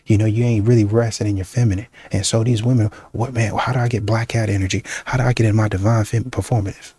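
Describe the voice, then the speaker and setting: A man's voice: on the low side, fairly even intonation, quick pace, mellow, slightly rough, dry recording. A man hosting a reaction channel, talking bluntly and repetitively in casual slang. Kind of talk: casual commentary.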